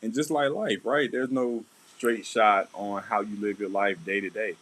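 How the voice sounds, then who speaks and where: A man's voice: lowish voice, steady tone, normal speed, fairly bright tone, rough recording. A middle-aged man, talking through marriage advice in a loose, conversational way and often checking in with "right?". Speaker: vlog host. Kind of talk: casual advice talk.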